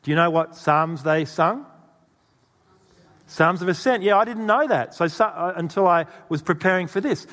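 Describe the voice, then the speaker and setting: A man's voice: sits high, normal speed, fairly bright tone. Man preaching in a reverberant hall. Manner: storytelling, asks the audience questions. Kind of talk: sermon.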